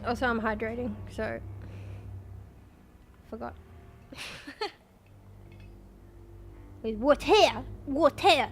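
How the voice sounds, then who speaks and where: A woman's voice: a little high, very slow, long pauses, noisy background. A young Australian woman chatting casually with her stream chat while gaming, swearing freely and offhand.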